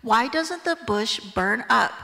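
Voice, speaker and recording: An amazed Moses staring at a bush that will not burn, read by a woman in a slow, wondering voice. Her tone is bright and a little gravelly. The room has a long echo. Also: on the high side, animated, exaggerated voice. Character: Moses, amazed grown man at the burning bush.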